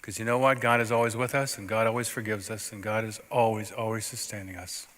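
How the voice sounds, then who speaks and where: A male pastor delivers a story-driven sermon in a bright, forceful voice. He preaches conversationally, swinging from loud outbursts to near-hushed asides. His voice rings out with the long reverb of a church sanctuary. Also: on the low side, little pitch movement, fast talker.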